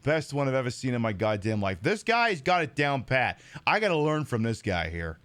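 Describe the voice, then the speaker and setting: A man's voice: medium pitch, big pitch swings, normal speed, fairly bright tone. A man live-streaming a horror game, rambling, jokey and profane as he chats. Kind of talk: casual live-stream commentary.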